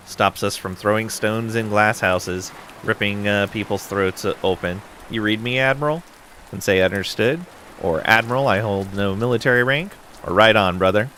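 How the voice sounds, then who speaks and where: A man's voice: fairly low pitch, fairly bright tone, a little hiss or hum. A man doing a pushy drunk rambler. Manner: pushy, rambling slangy talk. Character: drunk, brash man with a thick accent.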